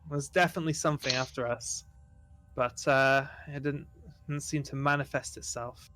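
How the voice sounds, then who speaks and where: A man voicing a wary, uneasy traveler who talks in a hurried, hesitant way. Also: mid-range voice, fairly even intonation, over music, voice pushed down, close to an everyday voice. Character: wary traveler Candlemaker, relieved yet uneasy.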